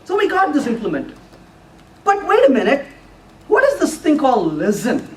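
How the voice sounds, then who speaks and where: A man giving a technical talk with live coding to a user group, animated and playful, now and then putting on a mock voice for the compiler. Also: very high-pitched, normal speed. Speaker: conference speaker. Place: lecture room at a user group meeting. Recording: echoey room, voice from far off.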